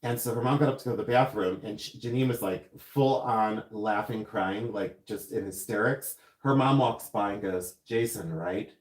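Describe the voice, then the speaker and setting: A man's voice: fairly low pitch, normal speed, hardly any pauses, echoey room. A man hosting a live silversmithing stream, chatting and telling rambling stories while he works. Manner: chatty, rambling storyteller who goes on tangents. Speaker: silversmith livestream host. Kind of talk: casual chat while demonstrating jewelry making. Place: jewelry studio.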